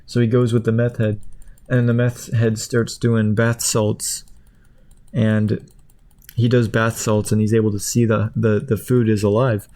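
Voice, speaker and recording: A man's voice: fairly low pitch, level tone, unhurried, mellow. Rambling man retelling a story. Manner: meandering, chuckling, lots of fillers. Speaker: video creator. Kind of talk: casual rambling plot retelling.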